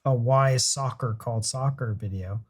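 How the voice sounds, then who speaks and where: An American man hosts a reaction video in easy, casual chat. He rambles and jokes, with a relaxed, playful delivery. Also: mid-range voice, moderate pace. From United States. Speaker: reaction channel host.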